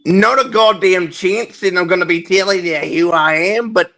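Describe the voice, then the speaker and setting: A man's voice: high voice, moderate pace, vocal fry, bright, forceful tone, full character voice, poor audio. A man doing an impression of a boastful older president on a live stream, rambling and repeating "quite frankly". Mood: pompous.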